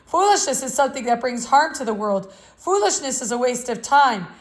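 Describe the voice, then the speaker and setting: A woman's voice: fairly high pitch, lively intonation, normal speed, lightly acted. A woman reading the part of an earnest ten-year-old boy who pleads with his father. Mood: pleading.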